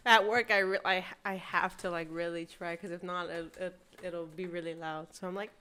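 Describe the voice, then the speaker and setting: A woman's voice: lowish voice, fairly even intonation, moderate pace, bright, forceful tone, smooth. A young woman co-hosting a podcast, chatting casually and laughing often. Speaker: podcast co-host. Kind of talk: casual chat.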